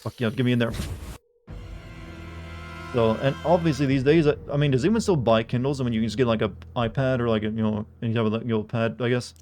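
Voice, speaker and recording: A man's voice: medium pitch, steady tone, quick pace, a little mellow, faint music behind. A man streaming a game, chatting casually and rambling with frequent restarts and asides. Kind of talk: casual gameplay commentary.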